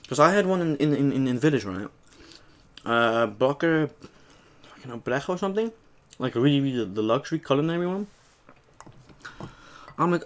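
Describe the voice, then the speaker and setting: A young man eating on camera and telling a story in a casual, animated way, swearing freely as he acts out an argument at a shop. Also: medium pitch, moderate pace, pauses often. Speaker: mukbang host.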